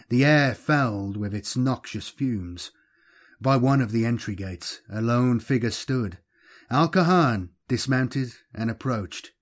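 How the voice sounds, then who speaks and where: A man narrating a dramatic action story in a measured, steady reading voice. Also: mid-range voice.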